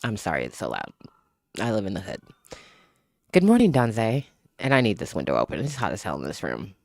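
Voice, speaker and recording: This author has a deep, gravelly, slightly mellow voice whose pitch swoops wildly, and speaks a little fast while chatting casually with livestream viewers. Talking from a home room with the window open into a small desktop mic, they keep it loose and profane, laughing frequently. The recording is dry and studio quality.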